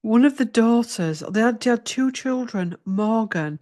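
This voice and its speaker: A woman's voice: fairly high pitch, animated, measured pace, dark tone. Woman mumbling and swearing while she looks stuff up, flustered, chatty. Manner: flustered, muttering and swearing to herself. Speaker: tarot channel host. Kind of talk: casual chat while researching.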